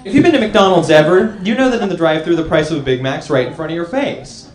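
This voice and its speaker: A man's voice: a little high, lively intonation, fast. A young man doing a rambling stand-up comedy set at a club, filling his talk with "like" and "you know". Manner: loose rambling delivery with lots of "like" and "you know". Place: comedy club stage with live audience. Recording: echoey live room with crowd.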